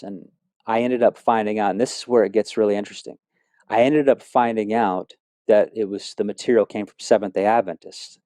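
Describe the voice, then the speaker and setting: A man's voice: lowish voice, dark tone, no echo, clean studio sound. A middle-aged man telling his personal faith testimony in an earnest, rambling way, with many fillers and restarts. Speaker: speaker sharing a testimony.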